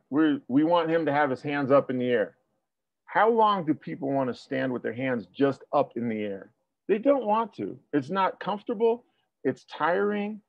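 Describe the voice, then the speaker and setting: A man's voice: on the high side, gravelly, no echo, highs cut off. A man working as a police tactics trainer, talking through a debrief and asking rhetorical questions. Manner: explanatory, asks rhetorical questions.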